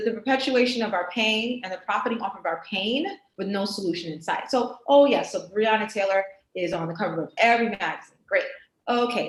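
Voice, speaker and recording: A woman with a New York accent, talking as a guest on a video-call interview in an animated, emphatic way. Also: mid-range voice. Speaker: guest artist. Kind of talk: casual interview chat. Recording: roomy echo on a video call.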